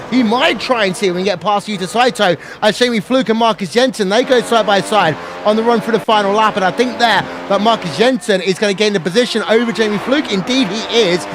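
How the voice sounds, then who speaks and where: High-pitched excitable man calling a race. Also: background noise. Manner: excitable, builds to shouting at the finish. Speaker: lead race commentator. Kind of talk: sim racing play-by-play commentary.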